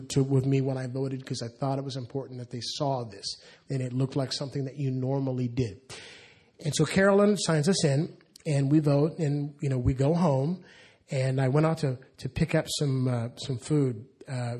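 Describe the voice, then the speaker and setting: A man's voice: medium pitch, slightly rough. A middle-aged man from the California Bay Area, a guest speaker telling funny stories to an audience and acting out the quotes. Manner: animated, laughing storyteller who acts out quotes. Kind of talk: storytelling talk.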